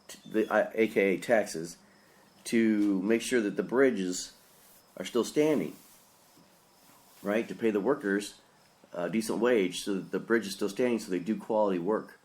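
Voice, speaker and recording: A man with a very low voice talks through a casual solo podcast as its pastor host. He is opinionated and rambling, and stays earnest as he works through his points. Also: darkish tone.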